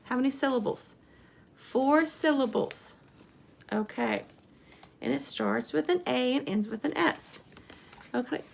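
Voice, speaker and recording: A woman's voice: sits high, vocal fry. A woman teacher giving a remote lesson to young children, patiently spelling out letters and prompting them with questions. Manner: slow, patient, sing-song prompting, spelling letters aloud.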